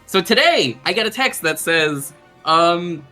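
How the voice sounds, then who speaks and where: A man from Long Island hosting a game stream who talks casually and breaks into profane, excitable rants. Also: high voice, a little slow, faint music behind. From Long Island, New York. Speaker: streamer host.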